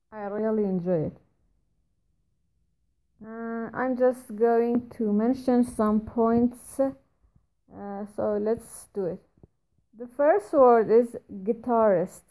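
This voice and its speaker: A woman's voice: fairly high pitch, mellow, poor audio. A woman giving pronunciation feedback in a recorded voice message, speaking carefully and hesitantly with frequent fillers.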